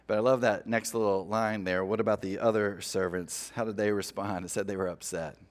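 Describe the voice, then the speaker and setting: A man's voice: fairly low pitch, fairly even intonation, fairly quick. Man preaching a conversational sermon. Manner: conversational, animates the king's lines in retelling. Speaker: pastor.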